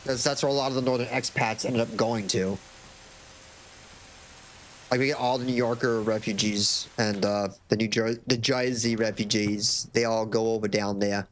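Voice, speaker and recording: A man's voice: fairly low pitch, steady tone, moderate pace, a little hiss or hum. A young man from Florida chatting casually on a live stream into a desk mic, rambling and joking with occasional swearing. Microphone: desk microphone.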